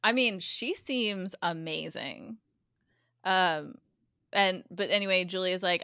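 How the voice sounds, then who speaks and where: Bright, dry-sounding chatty woman. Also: lowish voice, slow pace, clean tone, dry recording. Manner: chatty, acts out characters' lines while retelling. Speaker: guest co-host. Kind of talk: casual podcast recap.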